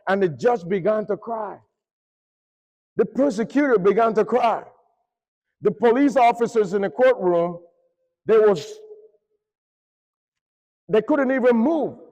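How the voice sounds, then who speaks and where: A man with a high voice delivers a sermon, telling a story with lively swings in pitch and force. His voice rings through a church hall with a long echo. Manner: animated, rises and falls in pitch and force. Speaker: preacher.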